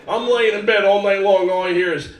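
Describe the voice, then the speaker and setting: A man's voice: high voice, fairly even intonation, a little fast, far from the mic, background noise. A man in his fifties with a Philadelphia accent, telling jokes on a comedy club stage in a brash, punchy way. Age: 50s. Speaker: stand-up comedian. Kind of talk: stand-up comedy set. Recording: echoey club mic from afar, loud crowd.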